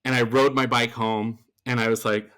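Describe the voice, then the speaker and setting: Animated man telling a story. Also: mid-range voice, normal speed, clean tone. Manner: animated, acts out quoted voices, frequent restarts. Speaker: podcast guest, theater performer and voice actor. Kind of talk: casual storytelling chat.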